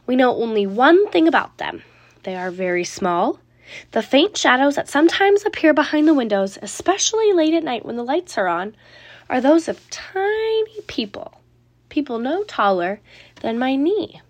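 Lady doing an old grandpa telling a secret story, hushed, lively voice, storybook. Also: high-pitched, moderate pace, no echo, full character voice. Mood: confiding.

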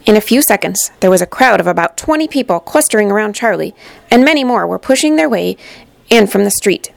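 A woman reading a children's storybook aloud in a gentle, expressive way, with a slightly gravelly voice. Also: mid-range voice, brisk, no room sound. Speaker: narrator.

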